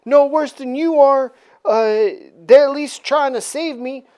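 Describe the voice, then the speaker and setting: A woman's voice: sits high, unhurried, dark tone, pitched above the performer's own voice. A woman voicing a tormented, angry winged male mutant in a comic recap, with an indignant raised voice. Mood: defiant.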